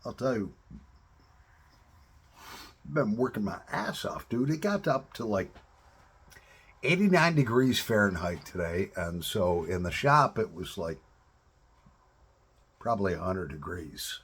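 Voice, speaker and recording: A man speaks in an unhurried, drawn-out way, letting his stories wander. His voice sits fairly low and is deeply husky and rough-edged. He sounds like someone chatting casually to his viewers about his day. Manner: relaxed, rambling storytelling with drawn-out pauses. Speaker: pipe-smoking vlogger. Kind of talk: casual chat to camera.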